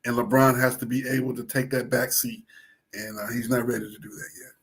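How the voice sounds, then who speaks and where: A man's voice: medium pitch, level tone, brisk, a bit bright. A man co-hosting a sports talk show, chatting casually, repeating phrases and plugging other shows.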